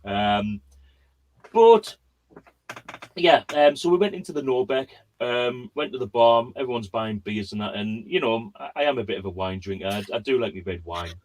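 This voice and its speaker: A man's voice: mid-range voice, animated, normal speed. Rambling man hosting a quiz. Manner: rambling storyteller, many fillers and restarts. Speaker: quiz host. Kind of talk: casual chat.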